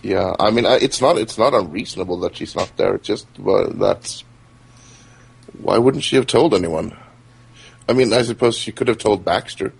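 Tabletop player, man, gravelly, husky. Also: fairly low pitch, normal speed, rough recording. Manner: hesitant, musing. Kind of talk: casual game chat.

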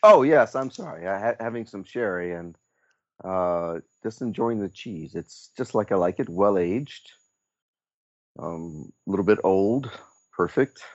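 A man's voice: deep voice, expressive, unhurried, a little mellow, muffled recording. A man speaking as a player in a tabletop role-playing game, polite and in character.

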